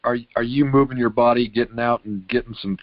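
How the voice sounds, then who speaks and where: A man's voice: medium pitch, steady tone, fairly quick, no echo, lo-fi sound. A man hosting, who cuts in with short encouraging remarks and questions. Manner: brief encouraging interjections and questions.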